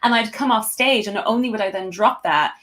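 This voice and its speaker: Relaxed chatty British woman. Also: mid-range voice, fairly quick. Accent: British, mixed with some American. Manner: chatty, self-deprecating, loose and relaxed delivery. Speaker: guest burlesque performer. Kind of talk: casual podcast chat.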